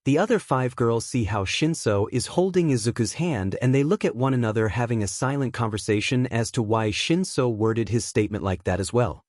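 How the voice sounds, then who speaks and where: A man reads fanfiction aloud in a steady, plain way. His voice sits at a middle pitch. The recording is close and dry. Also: fairly quick, few pauses, no room sound. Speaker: fanfiction reader. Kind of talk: fanfiction audiobook narration.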